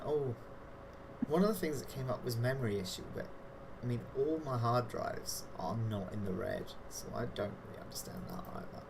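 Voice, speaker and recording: A man's voice: fairly low pitch, gravelly. Game master, male, chatty and joking, noisy home-stream audio. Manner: rambling, chatty, laughs at his own jokes. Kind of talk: running a tabletop game on a livestream. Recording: noisy background hiss.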